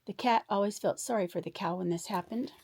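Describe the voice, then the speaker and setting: A woman reading a children's story aloud in a warm, expressive bedtime storytelling manner. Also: medium pitch, fairly quick, vocal fry, slightly rough.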